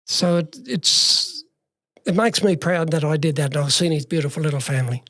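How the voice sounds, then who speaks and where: A man's voice: a little high, lively intonation, normal speed, a bit bright, no echo, studio quality. Older Australian man telling life stories. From regional Western Australia. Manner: long story told in plain words, acting out past dialogue. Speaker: interview guest, former youth worker. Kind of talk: personal storytelling in a conversation.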